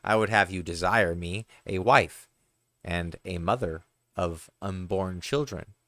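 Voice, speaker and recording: Man voicing a firm, indignant woman, low and slow, parable reading. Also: fairly bright tone, no echo, clean studio sound. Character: proud woman spurning her lover.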